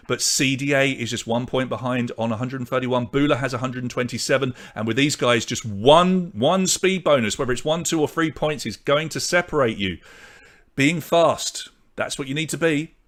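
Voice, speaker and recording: A man hosting an online pub quiz, reading out questions, answer options and scores in a brisk, chatty way. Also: mid-range voice, fairly bright tone. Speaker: quiz host.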